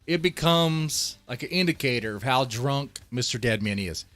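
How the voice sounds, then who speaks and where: A man's voice: mid-range voice, lively intonation, moderate pace, a bit bright, no room sound, soft background music. A man in his thirties live-streaming, chatting loosely and joking in an exaggerated put-on Southern drawl. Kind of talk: casual live-stream chat.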